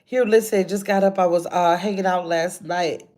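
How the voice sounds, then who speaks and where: A woman's voice: lowish voice, fairly even intonation, normal speed, darkish tone. An older woman, chatting casually on a livestream from a hotel room, reading viewer comments and calling them y'all. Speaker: livestream host.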